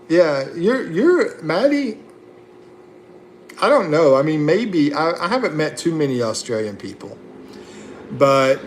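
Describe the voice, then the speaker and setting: A livestream host with a fairly high male voice reads viewer comments aloud and chats back casually, laughing and using fillers. There's slight background noise.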